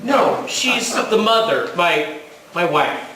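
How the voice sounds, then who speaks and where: Guy doing a mopey divorced dude fussing and sighing, lively pitch, echoey theater from far back. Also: slow, full character voice. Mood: wistful. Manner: mournful, sighing, apologetic. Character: fussy, weepy newly divorced man. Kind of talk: stage comedy acting. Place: theater stage. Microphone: distant audience recording. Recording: roomy hall from far off, faint noise.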